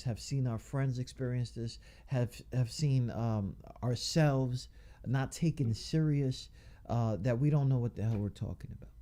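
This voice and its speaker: A man's voice: medium pitch, mellow. A man hosting a casual radio interview, talking loosely with slang, frequent laughs and restarted sentences. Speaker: radio show host.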